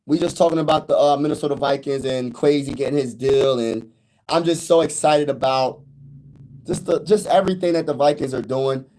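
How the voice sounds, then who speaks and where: Fairly quick and excited, this sports fan streamer keeps repeating himself and addressing his audience as "y'all" and "bro." He's using just his phone without an outside mic, and louder high notes crackle.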